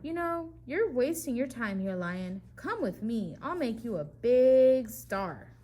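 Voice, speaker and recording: A woman voicing a polite, smooth-talking man in a children's storybook, coaxing a lion with promises. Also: on the high side, very animated, slow pace, dark tone, heavily acted. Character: smooth-talking scheming adult man, circus recruiter.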